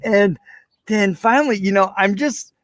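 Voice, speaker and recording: A man's voice: high voice, unhurried, dry recording. A man hosting a podcast interview, telling a personal story and acting out his younger self with rising emotion. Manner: animated storyteller, reenacts childhood moments with rising emotion. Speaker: podcast host.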